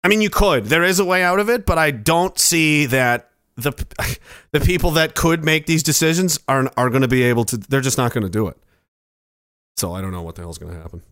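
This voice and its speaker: A man's voice: on the high side, a little fast, fairly bright tone, no echo, studio quality. Man reading chat on a livestream. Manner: rambling, profane and joking. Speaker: livestream host.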